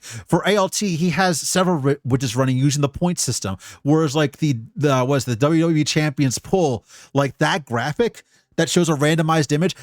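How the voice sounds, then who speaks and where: Scottish male streamer, rambling sweary commentary, a bit high-pitched, dry. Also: dry recording. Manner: rambling, profane, full of restarts. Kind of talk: casual live-stream commentary.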